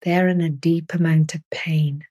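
Woman podcast host and healer, earnest and soothing, lowish voice, slow delivery. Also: fairly even intonation, mellow. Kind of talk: spiritual podcast monologue.

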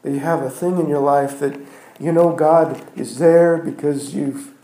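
A man preaching in a roomy, echoing church, his voice pitched a little high but dark and mellow in tone. He swings from loud, emphatic peaks down to near-hushed lines, piling up repeated phrases as he builds each point. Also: fairly even intonation, unhurried. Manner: repetitive, building phrases with restarts. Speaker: pastor. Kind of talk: sermon. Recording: echoey room.

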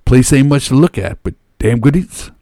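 A man voicing a loud, rough-talking middle-aged male football fan with a folksy, ungrammatical way of speaking. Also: mid-range voice, expressive, moderate pace, no room sound, studio quality, pitched above the performer's own voice. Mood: friendly.

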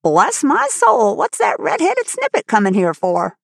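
A woman voicing a rude, contemptuous male parrot that squawks insults in a high put-on voice. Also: huge pitch swings, measured pace, creaky, fairly bright tone, no room sound, clean studio sound, full character voice.

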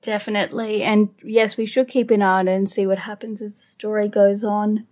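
A woman co-hosting a casual book discussion and reading passages aloud, animated and amused. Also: medium pitch, moderate pace. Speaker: podcast co-host.

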